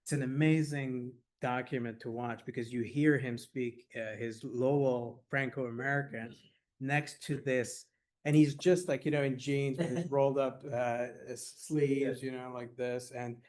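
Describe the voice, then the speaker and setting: A man speaking at a scholarly workshop, telling stories in an enthusiastic, rapid, conversational way full of "like" and "you know", sometimes laughing as he goes. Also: mid-range voice, steady tone, a little mellow. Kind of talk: animated conversational lecture.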